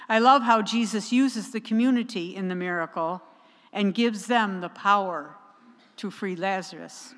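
A woman delivers a sermon at an unhurried, deliberate pace, leaning on each phrase with measured pauses. Her voice is bright and forceful. A long church reverb trails behind every line. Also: mid-range voice. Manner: slow and emphatic, with measured pauses. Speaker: preacher.

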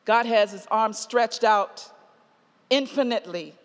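A woman pastor delivering a sermon, measured and slowing for emphasis, often dropping soft on key lines. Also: a little high. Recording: long hall reverb.

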